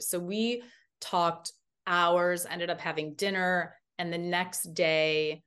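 A woman's voice: fairly low pitch, slow, clean tone. Chatty woman telling a story. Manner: animated, lots of "like" fillers. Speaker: guest. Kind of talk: casual storytelling.

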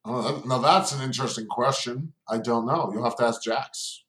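A man's voice: medium pitch, moderate pace, a bit bright. A young man co-hosting a casual podcast chat, teasing, swearing freely and laughing a lot. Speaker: podcast co-host.

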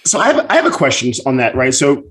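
A man's voice: mid-range voice, huge pitch swings, fast, a bit bright, husky. A man hosting a podcast interview, asking long rambling questions with jokes. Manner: rambling, joking. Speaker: podcast host.

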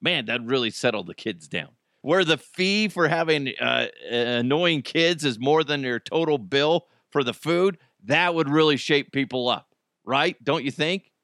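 A man's voice: a little high, lively intonation, unhurried, fairly bright tone, no echo, clean studio sound. A man with kids hosting a casual comedy podcast, chatting wryly about the news with lots of asides and restarts. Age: adult with children. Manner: chatty, wry, rambling, frequent restarts and asides. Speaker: podcast host.

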